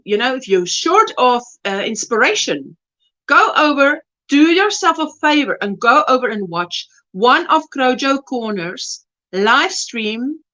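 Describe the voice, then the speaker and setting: Host, woman from South Africa: high, animated voice, chatty and affectionate livestream chat, slightly muffled home audio. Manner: chatty and affectionate, greets viewers by name. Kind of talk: casual livestream chat, greeting viewers. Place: at home, indoors.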